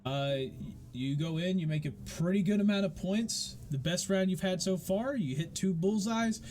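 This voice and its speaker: A man's voice: high voice, moderate pace, a little mellow. Rambling man game master. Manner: casual, rambling with many fillers. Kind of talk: narrating a tabletop game.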